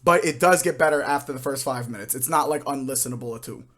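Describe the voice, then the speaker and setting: A man recording a quick, self-mocking intro for his podcast, speaking into a phone. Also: mid-range voice, a bit bright. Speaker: podcast host.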